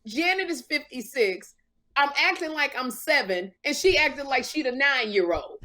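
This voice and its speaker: A woman in her fifties, a talk show host, telling an emotional story in casual podcast chat, jumping high in pitch when she quotes herself. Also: expressive, moderate pace, sharp tone. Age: 50s.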